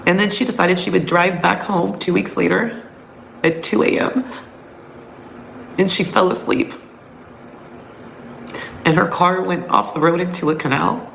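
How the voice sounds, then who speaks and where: A woman's voice: lowish voice, unhurried, vocal fry, long pauses, a bit bright, a little hiss or hum, poor audio. A middle-aged woman recounting a painful memory from her past in a raw, emotional way. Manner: emotional, raw confessional retelling. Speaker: storyteller. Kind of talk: personal storytelling. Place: her bedroom at home.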